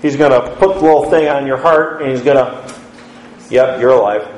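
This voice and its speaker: A man preaching a sermon as pastor, putting questions to his congregation in an emphatic, lively way. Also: mid-range voice, normal speed. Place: church sanctuary. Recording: roomy church echo.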